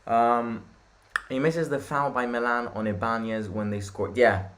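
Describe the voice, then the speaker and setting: A young Italian man hosting a live football watchalong, chatting with viewers and reacting loudly to the play. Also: mid-range voice, steady tone, a little slow. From Italy. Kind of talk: live match watchalong commentary.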